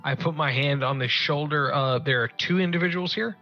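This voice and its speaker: A man's voice: fairly high pitch, a little fast. A man playing a tabletop game, asking hesitant questions full of restarts. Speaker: player. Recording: muffled stream audio with music.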